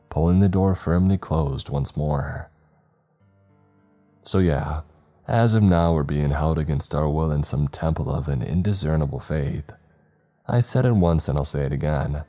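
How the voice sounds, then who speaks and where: A man narrates a horror story in an extremely deep, dark voice. His delivery is slow, grave and measured, like a practiced storyteller. Quiet music plays faintly behind him.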